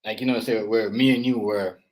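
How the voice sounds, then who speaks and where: A man's voice: lowish voice, fairly even intonation, brisk, darkish tone, poor audio. A man and father giving casual reaction commentary, rambling and earnest, filling his talk with "you know" and "as I said". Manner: earnest, lecturing tone about parenting. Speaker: parent and reaction vlogger.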